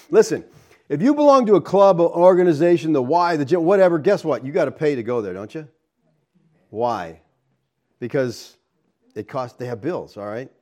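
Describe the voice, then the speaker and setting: Middle-aged pastor preaching conversationally. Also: male voice, dark tone. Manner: conversational, keeps asking "okay?" and "all right?"; acts out quoted people in a higher voice. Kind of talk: sermon.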